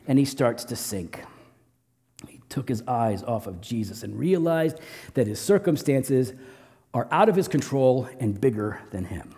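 Male pastor, sermon delivery, animated and expressive, recorded in a reverberant hall. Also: measured pace. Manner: animated, swings between loud emphatic bursts and soft low asides.

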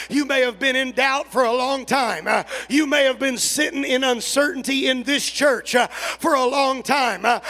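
A man preaching a revival sermon as a visiting preacher in a church service. He shouts fervently and puts an "uh" before most phrases. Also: very high voice.

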